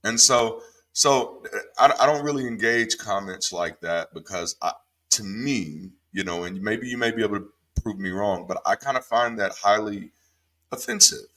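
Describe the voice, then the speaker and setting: Give me a man's fairly low but ringing, forward voice, a former preacher doing a casual Bible commentary. He talks with emphasis and swears freely. He drops into calm, quiet stretches, then jumps up sharp and high when he gets worked up. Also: normal speed. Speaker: former pastor turned online commentator.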